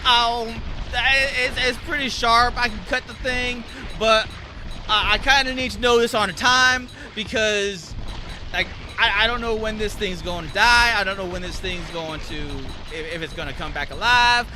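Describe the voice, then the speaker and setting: A man's voice: high voice, normal speed, background noise, natural voice. A man voicing a flustered rural Southern hunter on the phone, with a put-on Southern accent, stammering and drawling. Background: game music.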